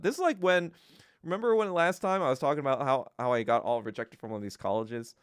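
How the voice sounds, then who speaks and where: A man's voice: mid-range voice, fast, smooth, no echo, clean studio sound. A middle-aged male podcast host in a profane, mocking monologue, telling stories and ranting. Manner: profane, mocking, animated storytelling.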